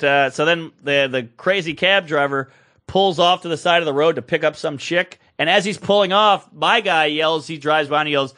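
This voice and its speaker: A man's voice: a little high, moderate pace, bright, forceful tone. A man, a podcast co-host telling a casual story and acting out the people in it.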